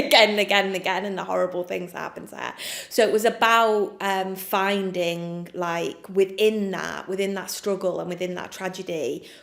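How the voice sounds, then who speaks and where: English woman writer, candid interview, lowish voice, roomy echo. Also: vocal fry. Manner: chatty, frank, with many fillers and laughs. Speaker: playwright. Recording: echoey room.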